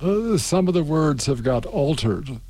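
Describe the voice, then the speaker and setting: A man's voice: a little high, big pitch swings, a little slow, a little mellow, no echo, voice pushed up. A man voicing a timid, polite young girl in a storybook reading, his voice raised and hesitant.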